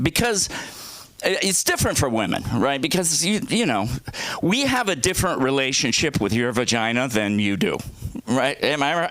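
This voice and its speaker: A man's voice: mid-range voice, a bit bright, no room sound. A man performing open-mic stand-up on a comedy club stage, telling rambling, self-deprecating and crude stories.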